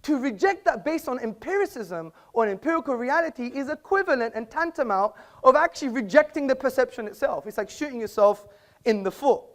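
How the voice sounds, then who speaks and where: A man's voice: very high voice, expressive, brisk. A man giving a formal debate speech in an auditorium, lecturing and argumentative, with rhetorical questions.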